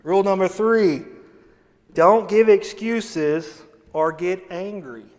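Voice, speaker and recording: A man preaching a sermon as associate pastor, folksy and humorous, swinging between loud emphasis and quiet asides. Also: high voice, slow. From Missouri, USA. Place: church sanctuary. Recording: long church reverb.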